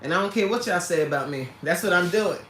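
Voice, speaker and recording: Woman, livestream host, casual chat, laughs often, clear bright tone, roomy echo. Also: fairly low pitch, quick pace, slight background noise. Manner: animated, laughs often, talks straight to viewers.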